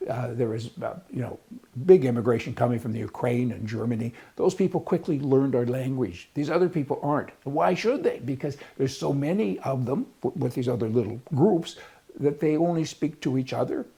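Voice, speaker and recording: Gravelly older man. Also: medium pitch, animated, fairly quick, dark tone. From Canada. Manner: folksy, rambling, opinionated. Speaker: host. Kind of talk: rambling political commentary.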